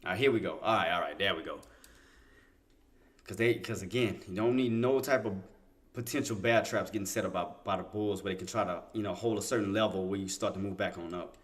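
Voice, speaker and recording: A brisk man whose voice sits low hosts a day-trading livestream, giving live market commentary as he walks through the chart. He talks to himself, says things over again, and restarts sentences, turning excited and insistent in bursts.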